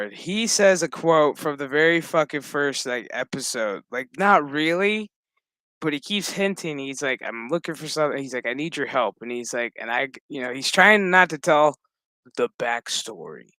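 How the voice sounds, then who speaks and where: A man's voice: mid-range voice, sing-song, normal speed, pushed and bright, no echo. A man giving a casual, profane recap of a TV episode, laughing often as he tells it loosely. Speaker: show recap host.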